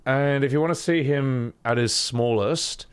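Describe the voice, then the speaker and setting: A man's voice: mid-range voice, a little slow, noisy background. A young adult man, chatting casually to his stream audience and cooing at his cat. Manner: affectionate baby talk to his cat. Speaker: game streamer.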